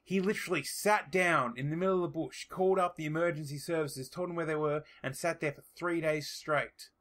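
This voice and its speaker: A man's voice: a little high, fairly even intonation, a little fast, a bit bright. A young man with an Australian accent hosting a casual podcast chat, rambling and swearing freely. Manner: rambling, swears casually, trails off mid-sentence. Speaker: podcast host.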